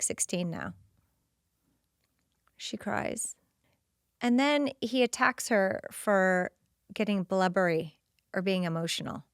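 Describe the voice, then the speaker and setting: A middle-aged woman hosting a podcast, recapping an episode in casual, expressive commentary. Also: medium pitch, no room sound, studio quality. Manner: expressive, slips into quoted dialogue. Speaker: podcast host.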